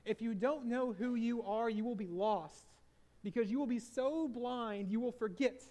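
Man, high register, earnest confessional storyteller addressing a crowd; leans on repetition. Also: moderate pace, warm tone. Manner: earnest, confessional, repeats phrases for emphasis. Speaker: speaker and former hospital chaplain. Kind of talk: personal storytelling talk to an audience.

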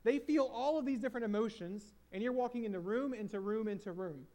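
Man, high register, earnest confessional storyteller addressing a crowd; leans on repetition. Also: quick pace, mellow. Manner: earnest, confessional, repeats phrases for emphasis. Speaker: speaker and former hospital chaplain. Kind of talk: personal storytelling talk to an audience.

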